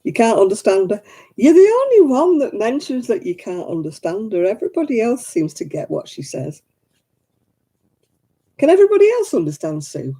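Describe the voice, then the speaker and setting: A woman's voice: mid-range voice, huge pitch swings, normal speed, dark tone, breathy edge. A woman hosting a casual livestream chat, talking to viewers by name and laughing often. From England. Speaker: livestream host.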